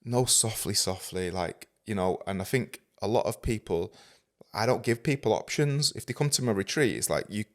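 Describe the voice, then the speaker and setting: A chatty podcast host with a Mancunian accent and a fairly low voice. He talks loosely, swears often and laughs through his stories. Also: moderate pace. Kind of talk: casual podcast chat.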